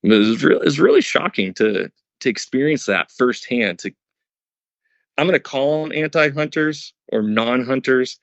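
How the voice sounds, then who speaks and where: A man's voice: medium pitch, expressive, normal speed, no room sound, lo-fi sound. A man guest on a podcast, earnestly telling a hunting story step by step, with many restarts. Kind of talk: casual storytelling interview.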